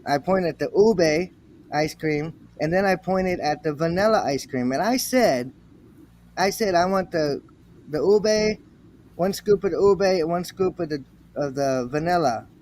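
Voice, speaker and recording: An American man chatting casually, telling a story and acting out quotes in an animated way. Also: on the high side, measured pace, a little hiss or hum. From United States. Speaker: livestream guest. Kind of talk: casual chat.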